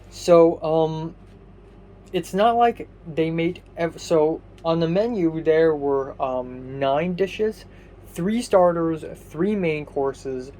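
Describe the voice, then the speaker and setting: Slow-talking young man vlogging casually. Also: fairly high pitch, dark tone, poor audio. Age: young adult. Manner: chatty, full of fillers and self-corrections. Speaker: video diary vlogger. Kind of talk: casual video diary narration.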